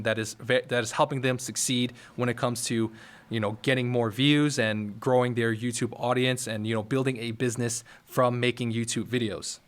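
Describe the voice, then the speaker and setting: A young man hosting a YouTube how-to, coaching viewers in a direct, casual way and checking in with "all right?" He is in his office next to a firehouse. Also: mid-range voice. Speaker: YouTube tutorial host. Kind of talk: casual how-to talk to camera.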